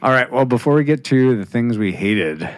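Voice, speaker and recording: A man hosts a casual podcast on a close mic, rambling and restarting as he reads listener comments. His voice is of medium pitch, with lively intonation and a normal speed, and the recording is dry.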